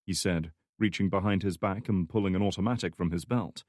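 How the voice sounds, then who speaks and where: A man narrating a thriller audiobook in a measured, scripted storytelling style. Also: deep voice, a little mellow, dry recording, clean studio sound.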